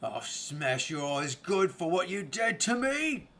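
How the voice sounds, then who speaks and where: A man voicing a huge, vengeful male ogre with a deep roaring voice, snarling threats. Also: big pitch swings, takes it slowly, pushed and bright, heavily acted. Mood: furious.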